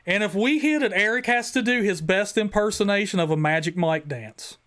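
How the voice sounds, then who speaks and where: Excitable high-voiced man. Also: fairly quick. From West Virginia. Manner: excitable, joking, swears freely. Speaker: host. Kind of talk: casual live-stream chat.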